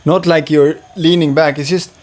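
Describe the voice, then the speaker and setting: A man teaching voice and breathwork in a calm, gentle way, pausing to breathe and sigh as he demonstrates. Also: on the high side. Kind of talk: calm spoken lesson.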